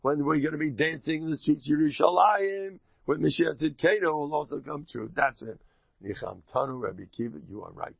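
A man giving a lively Torah talk, telling stories and mixing Yiddish and Hebrew words into his speech, rising to loud, excited peaks. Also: on the high side, fairly quick, gravelly, slightly rough, no room sound. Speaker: Torah teacher. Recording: dull close dry recording.

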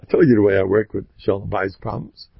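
A man giving an informal religious talk to an audience. He tells stories in an animated way, leaps up in pitch for emphasis and adds joking, self-deprecating asides. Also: fast, vocal fry, breathy edge, dry recording, lo-fi sound. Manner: animated storytelling, jumps high in pitch for emphasis.

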